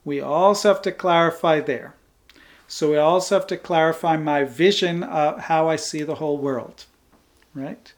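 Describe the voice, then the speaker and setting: Man teaching calmly with soft asides. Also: a little high. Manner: unhurried, often ends points with a soft "right?" or "like this". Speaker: Vedanta teacher. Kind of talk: spiritual teaching talk.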